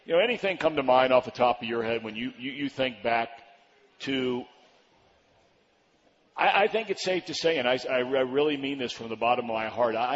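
A man's voice: medium pitch, long reverb tail, highs cut off. A man hosting a live radio talk show, chatty and prone to stammering restarts. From Virginia Beach, Virginia. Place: live event venue with crowd.

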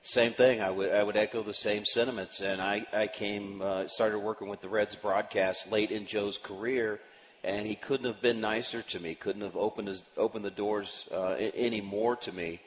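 A man's voice: on the low side, fairly even intonation, normal speed, in a large hall, highs cut off. A man speaking as a guest on a radio talk show, earnest and repeating himself. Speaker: baseball broadcaster guest.

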